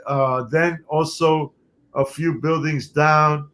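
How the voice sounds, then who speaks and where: Animated New storyteller man. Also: on the high side, slow. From New York City. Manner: animated storyteller who laughs often. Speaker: guest musician. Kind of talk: storytelling in an interview.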